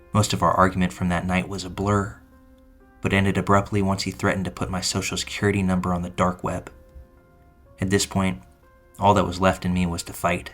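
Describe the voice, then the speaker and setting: A man reading a true first-person story aloud in measured, scripted narration. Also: low voice, a bit bright. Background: faint music.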